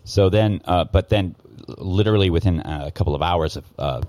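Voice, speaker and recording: A man's voice: sits low, moderate pace, darkish tone, dry recording. A man telling a story in casual podcast talk, heated and profane, often restarting his sentences. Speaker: guest, former news cameraman.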